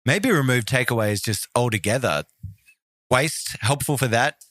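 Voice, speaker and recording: A man co-hosting a casual chat, teasing and quick to laugh. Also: mid-range voice, animated, fairly bright tone, no echo. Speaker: podcast co-host.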